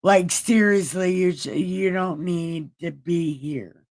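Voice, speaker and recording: Angry older brother snapping at his kid brother, cursing and dismissive, in a slow unhurried delivery, as a woman puts him on. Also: on the low side, darkish tone, no room sound. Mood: irritated. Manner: irritated, cursing scolding. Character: scornful older brother, angry young man.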